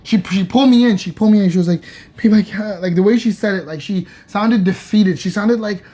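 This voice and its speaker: A man's voice: high-pitched, brisk, warm tone. A man retelling his partner's labour in a casual, slangy way, stumbling over words and restarting as he gets worked up. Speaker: co-host of a couple's channel. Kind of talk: casual storytelling.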